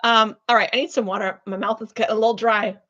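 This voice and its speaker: A fairly high-voiced woman talks warmly and effusively to her live-stream viewers from her room, her chat loaded with ums and soft asides. The audio is dull and lo-fi, like a muffled online stream. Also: fairly even intonation, fast. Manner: warm, effusive, chatty with many fillers. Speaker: spiritual business coach hosting a live reading.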